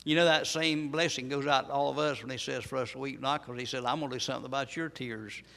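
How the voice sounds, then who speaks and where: A man's voice: medium pitch, fairly even intonation, fast talker, vocal fry, fairly bright tone, in a large hall. A man preaching a sermon in a church, emphatic and repetitive, asking his listeners questions. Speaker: pastor.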